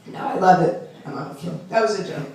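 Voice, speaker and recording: A Long Island woman in her 60s works a small club as a stand-up comedian, chatting with the crowd through a self-deprecating set. Her voice is brisk, fairly low and a bit dark in tone. A distant mic picks up the roomy club sound.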